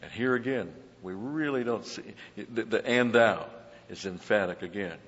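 Deep-voiced pastor, earnest and emphatic. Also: male voice, normal speed, fairly bright tone, a little hiss or hum. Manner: earnest, emphatic, with hesitant repeats. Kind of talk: sermon. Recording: dull lo-fi sound with long hall reverb.

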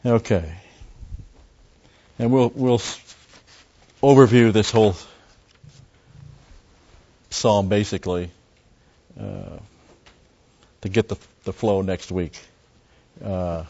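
A man's voice: lowish voice, mellow, breathy edge, lo-fi sound. A man preaching a Bible teaching sermon, explaining a passage step by step and repeating key phrases. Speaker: pastor.

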